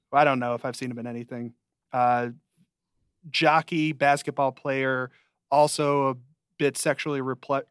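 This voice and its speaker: A young man co-hosting a podcast, recapping a sitcom in a casual, dry, rambling way with quick asides. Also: medium pitch, a bit bright, smooth, dry recording. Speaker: podcast co-host. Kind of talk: casual chat.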